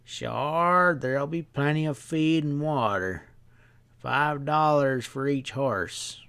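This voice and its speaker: A man reading an audiobook, voicing a sly young stableman who talks in a placid, slow drawl. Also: on the high side, fairly bright tone, clear, resonant tone.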